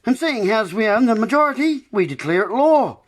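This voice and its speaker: A man's voice: very high voice, sing-song, a little fast, pitched above the performer's own voice, heavily acted. A man mimicking a smug gang of male bike thieves, in a mocking, self-satisfied way.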